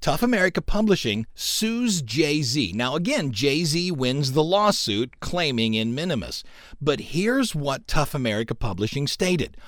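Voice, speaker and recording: A man hosting a college radio music show, explaining things in an animated storytelling way. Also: on the high side, unhurried, no room sound, clean studio sound. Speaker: radio host. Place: radio studio.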